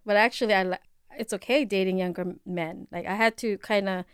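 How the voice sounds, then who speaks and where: A woman's voice: medium pitch, fairly quick, clear, resonant tone, no room sound, studio quality. A woman in her forties, originally from the Philippines, chatting casually as a podcast guest and laughing often. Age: 40s. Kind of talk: casual chat.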